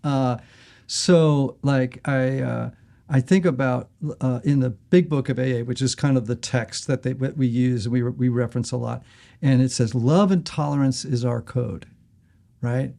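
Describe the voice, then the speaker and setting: A middle-aged man, an author appearing as a guest, speaks in a creaky mid-range voice at a moderate pace. He tells stories with lively animation during the conversation, acting out the voices of the people in his anecdotes.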